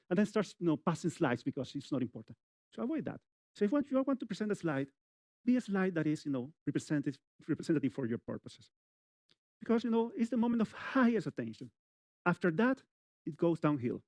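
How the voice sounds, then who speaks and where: A middle-aged man giving a public speaking lecture at a university, talking straight to the audience in an animated way with many "you know" fillers. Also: high-pitched, a little fast, no room sound, clean studio sound.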